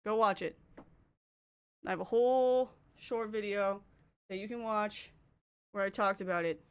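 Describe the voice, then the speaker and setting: A woman's voice: medium pitch, steady tone, measured pace, smooth. A young woman with a Canadian accent, chatting casually with her stream chat while doing her makeup. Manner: chatty, reads and answers chat. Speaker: livestreamer.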